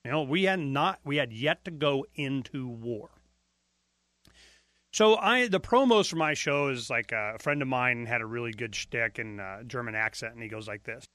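A man's voice: medium pitch, animated, normal speed, pushed and bright, no room sound. A man hosting a talk radio show, talking in a rambling, emphatic way with many fillers into a close studio mic. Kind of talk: casual talk radio monologue.

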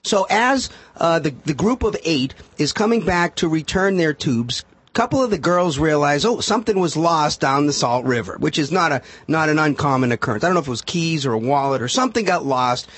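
A man's voice: on the high side, fairly quick, husky, no echo. A man telling a case story as a guest on a radio talk show, acting out the quotes. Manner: animated storyteller, acts out quotes. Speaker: defense attorney guest.

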